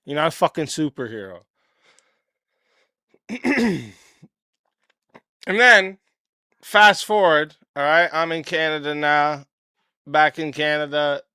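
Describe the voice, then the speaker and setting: A man streaming, his voice worn hoarse from yelling, ranting in a blunt, profane, confrontational way. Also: fairly high pitch, slow pace, pauses often, no room sound, clean studio sound. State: hoarse, voice nearly lost. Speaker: streamer and host. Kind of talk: ranting livestream talk. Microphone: desk mic, no headphones.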